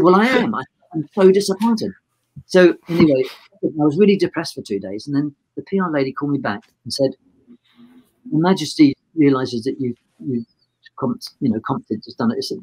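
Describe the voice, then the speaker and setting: This is a rambling interview anecdote from a sixty-something male photographer who acts out conversations and keeps restarting his lines. He speaks at medium pitch with a darkish, slightly rough tone, and the audio is poor.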